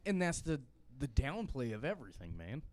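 A man's voice: mid-range voice, sing-song, fairly quick, darkish tone, slight background noise. A man from Louisiana, hosting a casual podcast, opinionated and rambling.

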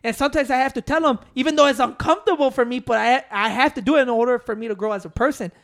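A man's voice: extremely high pitch, very fast, a bit bright. A man telling stories in casual chat, rambling and profane. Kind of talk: casual chat, mixing Spanish and English.

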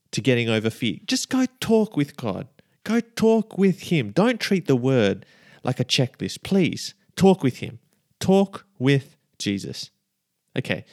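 Lively man preaching, dry sound. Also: medium pitch, no room sound. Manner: lively, emphatic preaching with many "okay?" check-ins. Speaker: minister. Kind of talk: sermon.

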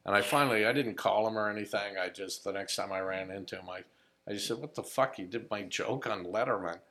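Low-voiced swearing storyteller, a man. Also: quick pace, sharp tone. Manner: profane, storytelling, acts out quotes. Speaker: podcast guest, comedian. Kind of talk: casual chat.

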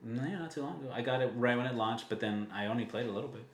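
A man's voice: mid-range voice, very fast, a little hiss or hum. A tired man co-hosting a podcast in casual chat, rambling and laughing often. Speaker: podcast co-host. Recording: echoey room.

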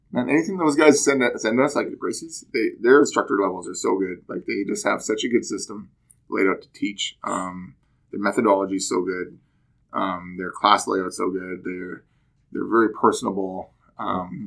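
A man with a fairly low, creaky voice chats casually on a podcast about a training course. He tells stories with animation, acting out what other people said.

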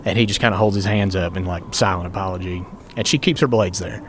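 A man narrating a tabletop game as game master in relaxed, descriptive speech. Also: sits low, fast talker, background noise.

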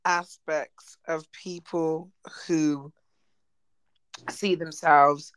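A woman's voice: low-pitched, fairly even intonation, very slow, clear, resonant tone, no echo, poor audio. A woman co-hosting a podcast, talking bluntly and animatedly and swearing freely. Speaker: podcast co-host. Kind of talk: casual chat.

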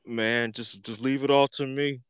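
A man quoting a big, laid-back buddy who takes everything in stride. He talks in a relaxed, confident way, at an ordinary middle pitch. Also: moderate pace, background noise, close to an everyday voice. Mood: easygoing. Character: laid-back burly man friend, unbothered.

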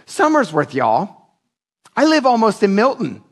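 Animated pastor with a lively, high voice. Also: male voice, fairly quick. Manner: animated, joking asides to congregation. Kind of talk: sermon.

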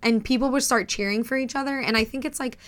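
A woman co-hosting a podcast in easy, casual conversation. Her voice is bright and forward, and she talks in a chatty, emotional way, often breaking into laughter. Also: on the high side, fairly even intonation, fast. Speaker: podcast co-host.

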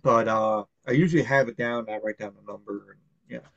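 This Long Island podcast host has a mid-range, fairly bright voice and talks briskly in a loose, rambling chat full of swearing, filler words and restarts. The sound is dull, lo-fi and dry, with no room sound.

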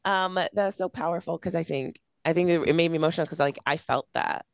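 A woman's voice: low-pitched, fairly even intonation, quick pace, gravelly, hardly any pauses, no echo, studio quality. Gushing young woman podcast host. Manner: gushing, filler-heavy with many "like"s. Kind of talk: casual interview chat.

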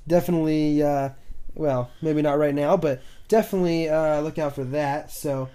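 On a new budget desk microphone at home, a podcast host with a rather high, clear, resonant voice chats at a moderate pace. He's laid-back and rambling, leaning on many fillers and trailing "so"s.

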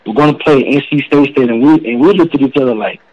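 A man's voice: medium pitch, very fast, highs cut off. A man, a former football player telling an earnest, emotional story in an interview, full of "you know"s.

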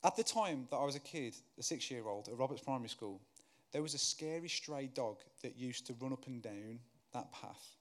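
A man, a guest preacher telling a story in his sermon, getting louder and higher as the tension builds and softer when he prays. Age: 30s. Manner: animated storyteller, grows loud and high when excited, softer and slower in prayer.

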